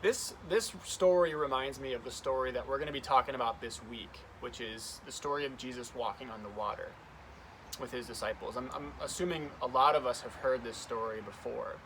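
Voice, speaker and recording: A man's voice: medium pitch, a little fast, a bit bright, a little hiss or hum. A young man speaking as a youth pastor, telling a story in an earnest, conversational way. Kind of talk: youth devotional talk.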